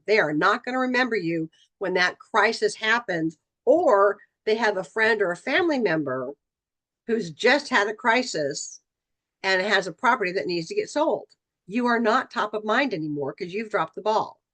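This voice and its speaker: A woman's voice: medium pitch, animated, normal speed, a bit bright. A middle-aged woman leading a training session for real estate agents, talking casually and acting out bits of client dialogue. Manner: conversational, acts out client dialogue.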